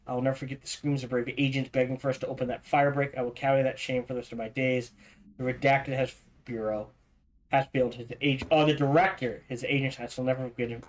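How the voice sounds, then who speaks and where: A man livestreaming a game, reading in-game documents aloud quickly, stumbling over words and restarting, with casual asides in between. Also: medium pitch, steady tone, poor audio. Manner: reads fast, stumbles and restarts, adds asides. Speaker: streamer.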